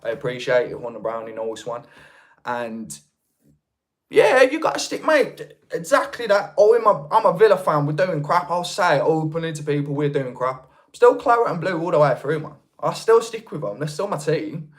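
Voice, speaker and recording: A young man with a broad Birmingham accent talks loosely to his livestream viewers, often restarting his sentences. His voice sits a little higher than most men's. He speaks in a casual, unpolished way. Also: expressive, fairly quick. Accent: Birmingham (Brummie). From Birmingham, England. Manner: chatty, rambling, with many restarts. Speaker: livestream host. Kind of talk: casual live chat reading viewer comments.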